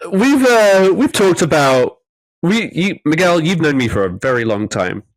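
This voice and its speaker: A man's voice: fairly high pitch, sing-song, normal speed, no room sound, low-quality recording. A man co-hosting a podcast in casual chat, teasing his friends and laughing often. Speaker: podcast co-host.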